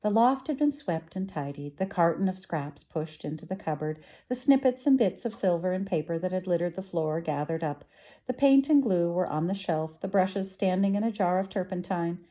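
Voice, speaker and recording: A woman storyteller reading a children's book aloud, gentle and expressive. Her voice is low and warm-toned. It moves in a lively, wide-ranging melody. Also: moderate pace.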